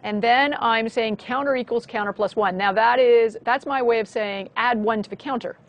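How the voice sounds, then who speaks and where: A woman's voice: a little high, normal speed, muffled recording. Woman walking through code steps. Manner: steady, step-by-step explaining. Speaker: co-host, programming instructor. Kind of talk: live-streamed coding lesson.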